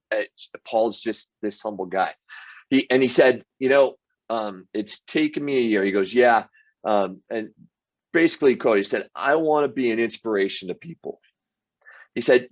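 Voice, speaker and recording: A man's voice: medium pitch, no room sound, muffled recording. A man hosting a motivational sales show, telling stories earnestly with frequent restarts and filler words. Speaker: sales team leader and show host. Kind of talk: motivational storytelling monologue.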